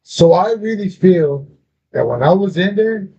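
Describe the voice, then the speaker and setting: A man's voice: high voice, lively intonation, a little slow, gravelly, warm tone, breathy edge. A man telling a personal story in casual talk, profane and full of street slang, calling his listener bro. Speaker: podcast host. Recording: dull lo-fi audio with faint noise.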